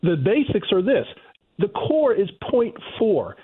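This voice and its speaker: An emphatic man with a high, husky voice, heard over a tinny phone line. He lectures in an indignant, insistent tone as a guest on talk radio. His delivery is forceful and pointed throughout. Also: huge pitch swings, measured pace. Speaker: economist guest.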